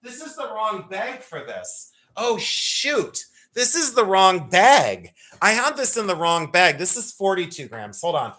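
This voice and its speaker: A man's voice: sits high, measured pace, few pauses. A man hosting a live-streamed jewelry sale, chatting, joking and teasing his viewers as he talks. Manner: animated, joking, teasing, swearing. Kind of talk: live-stream sales chat.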